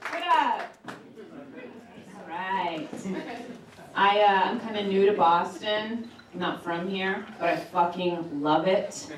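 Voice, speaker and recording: A woman's voice: medium pitch, takes it slowly, pauses often, distant mic, background noise. A woman performing a stand-up comedy set in a small club, telling crude, brash jokes that build to punchlines. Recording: echoey club room, mic set back, crowd laughter. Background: audience laughing.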